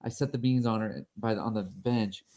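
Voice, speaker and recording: A man as an interview guest, telling stories in a relaxed, animated way. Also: on the low side, a little fast. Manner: relaxed storyteller, animated when quoting. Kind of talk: casual interview storytelling.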